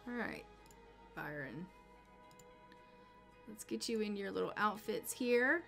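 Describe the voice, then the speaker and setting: A woman's voice: medium pitch, animated, slow pace, creaky, a bit bright, faint music behind. A woman casually commenting on her life-sim gameplay, chatting to her characters as she plays. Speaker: gameplay streamer.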